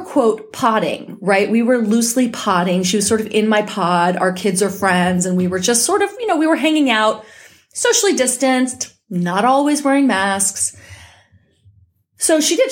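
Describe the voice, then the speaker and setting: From her home, a woman hosts her own solo podcast, speaking bluntly, heatedly and with plenty of profanity while still recovering from an illness, so she may cough. Her pitch is fairly high, her intonation lively, and her pace moderate.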